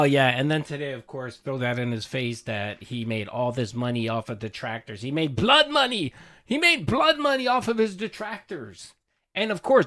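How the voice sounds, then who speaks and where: A man giving casual, animated commentary while reacting to a recorded debate, laughing and swearing. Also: on the high side. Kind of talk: casual commentary over a clip.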